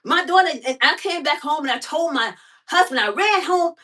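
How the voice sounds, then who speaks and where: A middle-aged woman vlogger telling a story in a casual, animated way, repeating herself and acting out quotes. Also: high-pitched, normal speed, distant mic.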